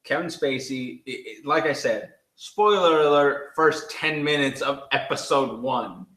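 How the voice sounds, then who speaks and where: A man from Oklahoma with a slight Southern accent, chatting casually as a show host in a profane, excitable, teasing way. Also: mid-range voice, unhurried. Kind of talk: casual chat. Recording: echoey room.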